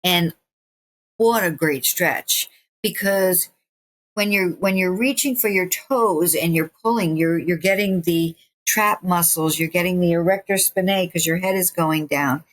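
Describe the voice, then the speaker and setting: A woman in her sixties, a guest on an interview podcast, who tells stories in an animated way, laughing often and acting out what people said. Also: lowish voice, measured pace. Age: 60s. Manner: animated, acts out quoted voices, laughs often. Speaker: guest, stretching teacher. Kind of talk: casual interview storytelling.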